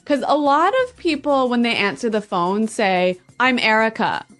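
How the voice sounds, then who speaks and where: Female co-host, animated and chatty teacher, faint music bed. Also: fairly high pitch. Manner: upbeat, chatty, quick to agree. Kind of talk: casual teaching chat.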